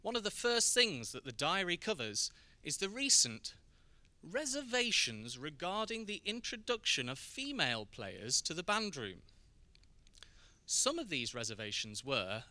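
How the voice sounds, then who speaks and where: A man reads a prepared introduction in a measured, formal manner. His tone is very bright, and his pitch moves lively. The sound is dry and close. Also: dry recording. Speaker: band spokesman.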